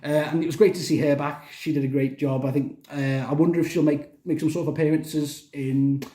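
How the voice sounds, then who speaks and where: Young man, casual TV review, eager and rambling, warm tone, roomy echo. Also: a little high, steady tone, brisk. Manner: enthusiastic, rambling with restarts and fillers. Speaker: TV review vlogger.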